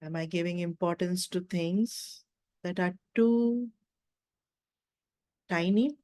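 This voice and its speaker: A woman's voice: lowish voice, slow, mellow. A woman hosting a spiritual wellness talk, telling a fable and asking the listener reflective questions. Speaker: meditation talk host.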